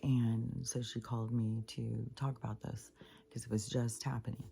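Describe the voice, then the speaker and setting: A woman's voice: very deep voice, little pitch movement, moderate pace, gravelly, mellow. An older woman venting in a rambling personal monologue for her spiritual vlog, swearing freely as she talks. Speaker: spiritual vlogger.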